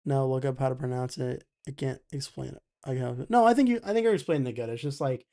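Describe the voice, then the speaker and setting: A young man hosts a casual live stream and talks easily at an ordinary middle pitch. His tone is mellow and warm, and he thinks out loud while reading viewers' comments between updates. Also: fast talker. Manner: chatty, thinks aloud, reads chat comments. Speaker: election night live stream host.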